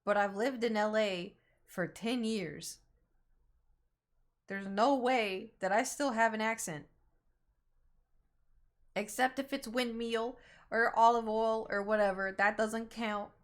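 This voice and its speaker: A young woman streams a game and chats casually, her faint Southern American accent showing. She is talkative yet self-conscious about her pronunciation, speaking slowly with long pauses in a slightly high voice with fairly even intonation.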